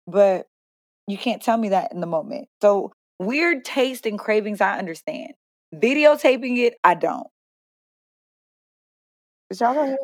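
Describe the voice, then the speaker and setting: A woman's voice: mid-range voice, a little slow, long pauses, no room sound, clean studio sound. A young woman co-hosting a casual chat, blunt, profane and playful, laughing often. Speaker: podcast co-host.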